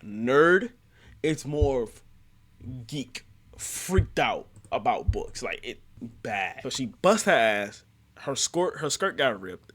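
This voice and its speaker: A young man giving a casual manga review, excitable and slangy, often laughing as he recaps the plot. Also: medium pitch.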